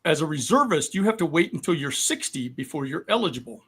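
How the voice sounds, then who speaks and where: A man in his sixties, a military veteran guest, explaining things in a measured way with frequent pauses. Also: on the high side, big pitch swings, fairly bright tone, husky. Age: 60s. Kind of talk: podcast discussion.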